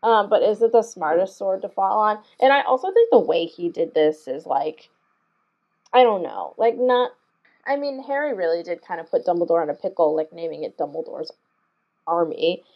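A woman's voice: fairly low pitch, animated, normal speed, dull audio. A woman co-hosting a casual book discussion, thinking aloud in a rambling way with many fillers. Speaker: podcast co-host.

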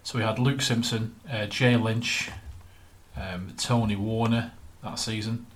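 A man's voice: lowish voice, steady tone, measured pace. A man co-hosting a casual football podcast, chatting and reeling off lists of names with plenty of fillers. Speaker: podcast co-host.

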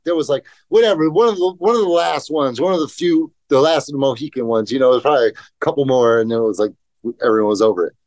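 A man's voice: medium pitch, quick pace, a little mellow, dry recording. A man telling skateboarding stories in a casual podcast interview, rambling and profane, acting out quotes. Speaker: guest, professional skateboarder.

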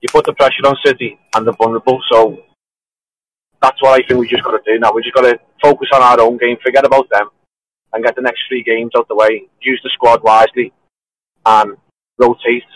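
Caller, male, mid pitch, keen and chatty, speaking from a car. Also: flat delivery, a little fast, a bit bright, no echo, low-quality recording. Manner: enthusiastic, talks in short clauses. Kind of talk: phone-in football analysis. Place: car, driving.

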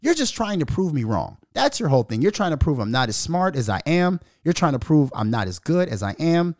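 A man's voice: fairly high pitch, sing-song, a little fast, no room sound, clean studio sound. A man hosting a podcast, ranting in a profane monologue and mocking the voices of others. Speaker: podcast host.

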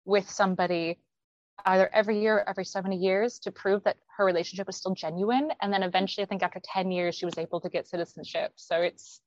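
An American woman from Arizona whose vowels have drifted toward British after years abroad, talking in an easy, storytelling way. Her voice sits at an ordinary pitch and comes across dry and a little dull, as if through a modest mic. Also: fairly even intonation, fast talker, no room sound. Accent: American with some British pronunciation picked up from living in London. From Arizona, United States. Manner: chatty, storytelling, laughs at own anecdotes. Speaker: guest. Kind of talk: casual interview chat. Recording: dull, slightly lo-fi, dry sound.

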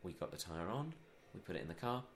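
A man co-hosting a podcast, telling a story in casual chat with animated delivery and frequent laughter. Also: low-pitched, fast talker, vocal fry. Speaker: podcast co-host. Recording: echoey room.

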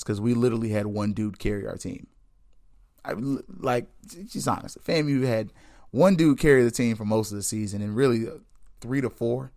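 A man's voice: medium pitch, fairly quick, gravelly, no echo, clean studio sound. A man hosting a sports podcast, chatting casually and candidly with listeners and cracking jokes. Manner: joking, candid, talks straight to listeners. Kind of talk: casual sports commentary chat.

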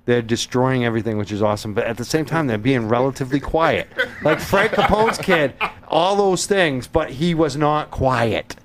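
A man's voice: medium pitch, lively intonation, normal speed, few pauses, noisy background. A man hosting a radio show from the studio, teasing his co-hosts and guests in rambling casual banter, laughing often. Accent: Boston.

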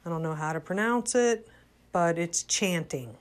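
An older woman giving an earnest, unscripted religious talk, halting with frequent restarts. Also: on the low side. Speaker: religious commentator.

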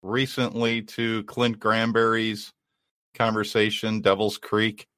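A man with a fairly low voice hosts in casual chat, explaining at an easy pace. His sound is dry and close. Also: level tone, takes it slowly, fairly bright tone, no echo. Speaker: podcast host.

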